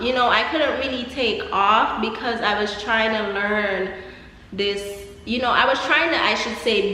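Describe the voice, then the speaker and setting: In an echoey, empty apartment, a young vlogger with a Jamaican accent talks casually, laughing frequently and drifting into tangents. Her voice is a little high, pushed and bright, with a faint hiss or hum underneath.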